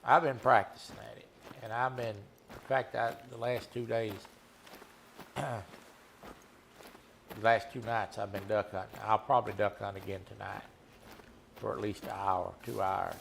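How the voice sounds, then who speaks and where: A man's voice: fairly low pitch, little pitch movement, a little slow, gravelly, long pauses, a bit bright, slight background noise. A man streaming a hunting game, chatting and teasing viewers in a laid-back way. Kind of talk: casual gameplay chat with viewers.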